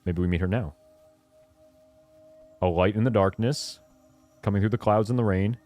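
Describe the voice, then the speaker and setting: A young man streaming a video game, chatting casually, often interrupting himself and breaking into laughter and excited high squeals. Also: normal speed, faint music behind. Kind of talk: casual gameplay commentary.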